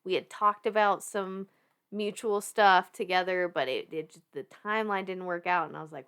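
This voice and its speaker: A woman in her thirties with a Southern US accent, a podcast guest telling her story in animated casual talk, laughing often and swearing freely. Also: lowish voice, normal speed, smooth.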